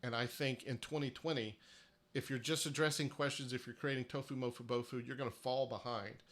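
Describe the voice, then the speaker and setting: A man hosts a marketing workshop livestream, speaking with emphasis and persuasion and often restarting his sentences. His voice sits at medium pitch, with a steady, fairly bright tone and a slightly quick pace.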